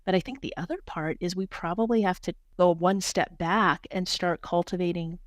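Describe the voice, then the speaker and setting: A woman who is a hospital doctor, speaking as a guest in a podcast interview, talking fast and earnestly, with many restarts and repeated words. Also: lowish voice, no room sound, clean studio sound. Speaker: hospital physician executive, guest.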